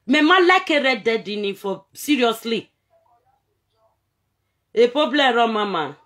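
A woman's voice: on the high side, animated, a little slow, a bit bright. A Nigerian woman vlogging straight to camera in a repetitive, scolding rant, switching between Pidgin and local-language phrases.

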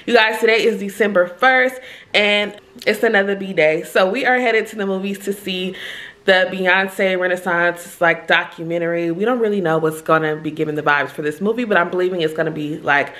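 A woman vlogger chatting casually to her viewers, upbeat and fast-talking, with slangy phrasing. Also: medium pitch, fairly bright tone. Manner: upbeat, chatty, uses slang like "giving vibes". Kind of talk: casual vlog chat to camera.

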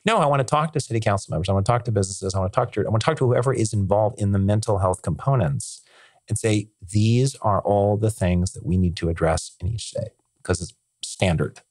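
A man talks quickly on a podcast, tumbling from one eager thought to the next. His voice sits a little low and sounds dry and close to the mic, with no room behind it. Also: darkish tone, no room sound. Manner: rambling, enthusiastic, piles up filler words and restarts. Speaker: podcast guest. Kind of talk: casual conversational interview.

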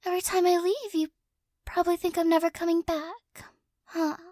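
A woman in a whispered role-play, talking softly and doting on a pet-like companion, often flustered, stammering and sighing, close to the microphone. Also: very high voice, steady tone, moderate pace, no room sound. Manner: soft, flustered, doting, with frequent stammers and sighs. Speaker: ASMR creator.

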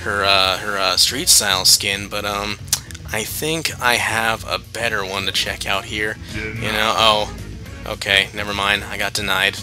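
A young man giving joking, excitable commentary on a video game match, as a gaming YouTuber. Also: lowish voice, measured pace. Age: young adult. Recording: game music and sound behind the voice.

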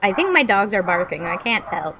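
A woman's voice: mid-range voice, sing-song, a little fast, background noise. A woman in her late twenties giving goofy, rambling commentary while playing a game. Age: late 20s. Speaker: gamer.

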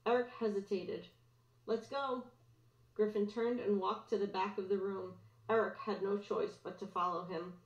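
Teacher reading a chapter aloud. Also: female voice, medium pitch, steady tone, normal speed. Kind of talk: read-aloud storybook narration. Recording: roomy, dull lo-fi recording.

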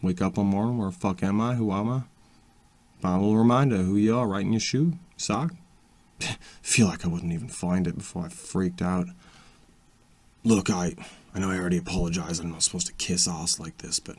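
A man's voice: sits low, darkish tone, husky. A man speaking in character during a role-play, swearing constantly and often stopping to restart his sentences. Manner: halting, with frequent restarts.

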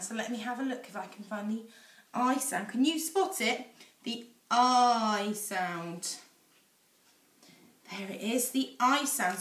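Bright, sing-song English teacher. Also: female voice, on the high side. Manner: sing-song, drawn-out sounding out of letter sounds. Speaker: infant school teacher. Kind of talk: phonics lesson for young children. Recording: echoey room, voice a little far from the mic.

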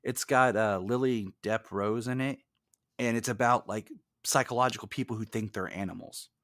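A man's voice: on the low side, moderate pace, fairly bright tone, no echo, clean studio sound. A man appearing as a podcast guest and film expert, talking in a rambling way with many restarts. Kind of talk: casual film discussion podcast.

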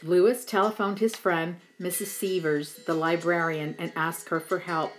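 A woman reading a children's storybook aloud in an expressive, unhurried way. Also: on the low side, faint music behind, low-quality recording. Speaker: storybook reader.

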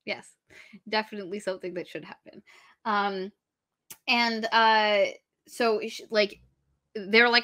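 Woman podcaster gushing over a book plot, bright voice, does the characters' lines, swears a bit. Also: medium pitch, normal speed, long pauses. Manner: animated retelling, acts out characters' lines; swears freely. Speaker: podcast co-host. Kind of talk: casual book review chat.

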